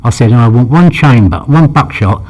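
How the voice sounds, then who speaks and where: Older man with a mellow voice. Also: mid-range voice, lively intonation, moderate pace. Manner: rambling, acts out quoted dialogue, frequent "you know". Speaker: interviewee. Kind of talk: anecdotal storytelling.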